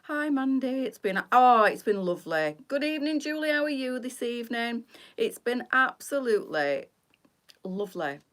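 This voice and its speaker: A woman's voice: fairly high pitch, big pitch swings, moderate pace, a bit bright. A middle-aged woman, hosting a casual live stream and chatting with her viewers, greeting them by name and rambling freely.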